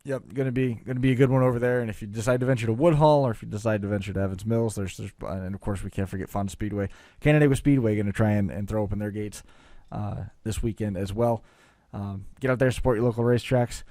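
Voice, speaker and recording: Fast-talking, teasing male host. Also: lowish voice, warm tone, no room sound, clean studio sound. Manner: quick, teasing, wraps up the show. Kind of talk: casual chat.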